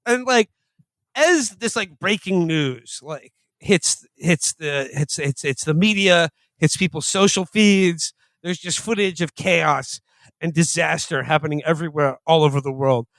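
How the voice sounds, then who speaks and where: A man hosting a comedy podcast, reviewing a movie in casual chat with animated, mock-panicked impressions. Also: a little high, measured pace, no room sound. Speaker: podcast host.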